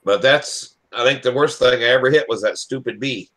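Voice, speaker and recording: A man's voice: mid-range voice, fairly quick, sharp tone. A plain-spoken man from Michigan with a mid-range voice, talking on a video call. He chats casually and keeps asking the others questions. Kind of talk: casual chat, swapping stories.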